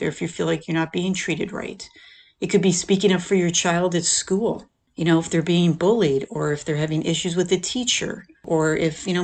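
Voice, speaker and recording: A middle-aged woman hosting a podcast, telling a personal story in an earnest, emphatic way and repeating phrases for stress. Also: lowish voice. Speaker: podcast host and counselor.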